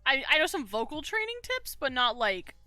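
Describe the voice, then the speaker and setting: A woman chatting casually on a stream, supportive and quick to agree. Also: sits high, big pitch swings, bright, forceful tone, no echo, faint music behind. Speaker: co-streamer friend.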